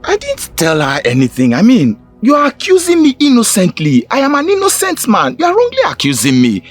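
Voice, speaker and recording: A man's voice: sits high, huge pitch swings, fairly quick, exaggerated voice. An actor with a Nigerian English accent playing a defensive young man who pleads his innocence to friends in a film scene. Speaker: accused friend. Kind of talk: Nollywood film acting. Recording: film audio with background music.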